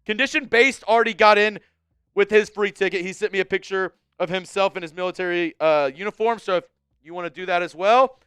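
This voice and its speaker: Male sports stream host, young, smooth and bright voice, casual, opinionated fan energy. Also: sits high, brisk, dry recording, clean studio sound. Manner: casual, animated fan-style ranting. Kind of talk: live-stream sports talk.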